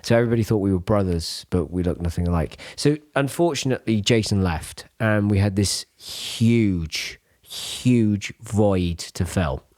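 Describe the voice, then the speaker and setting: A man's voice: on the low side, a little slow, hardly any pauses, darkish tone, dry recording, clean studio sound. Rambling man telling stories. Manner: rambling storyteller, full of asides and restarts. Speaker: podcast host. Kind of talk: casual anecdotal chat.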